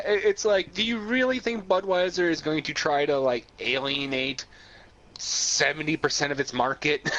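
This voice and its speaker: A man's voice: fairly high pitch, fairly bright tone. A man co-hosting a pop-culture podcast, retelling a story in casual chat with lots of laughs, swearing and stammered restarts. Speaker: podcast co-host. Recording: dull lo-fi sound.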